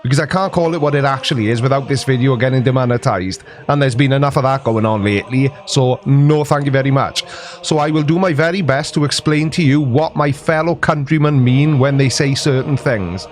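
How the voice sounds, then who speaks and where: A man's voice: medium pitch, fairly quick. A Welsh man in his forties, a comedy host explaining local sayings in a dry, mock-serious, playful way. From Wales. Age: 40s. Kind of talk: scripted comic explainer to camera.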